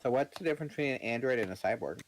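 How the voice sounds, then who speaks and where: A man reading a novel aloud on a stream, in a plain, steady delivery, breaking off for casual chat with a co-host. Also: medium pitch, rapid-fire, slight background noise, low-quality recording.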